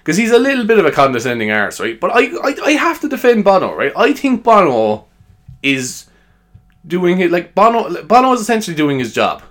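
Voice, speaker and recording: A man's voice: sits high, huge pitch swings, fairly quick, fairly bright tone. A man talks alone in a loose, rambling chat. He is self-amused and leans on fillers as he goes. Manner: chatty, self-amused, lots of fillers and laughs. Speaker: podcaster.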